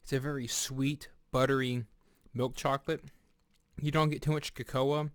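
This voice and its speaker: A man giving a casual snack review, speaking deliberately and pausing often with fillers and restarts. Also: mid-range voice, flat delivery, clean tone, dry recording. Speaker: food reviewer. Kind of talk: casual product review vlog.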